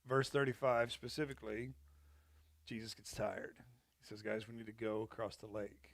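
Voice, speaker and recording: A man, a pastor, telling Bible stories in a casual, animated chat over coffee. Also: mid-range voice, no room sound, studio quality. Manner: animated storyteller, laughs often.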